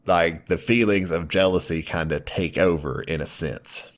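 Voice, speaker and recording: A man's voice: low voice, steady tone, moderate pace. A man co-hosting a podcast, casually recapping an anime episode, acting out characters' lines in a raised voice and laughing often. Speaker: podcast co-host.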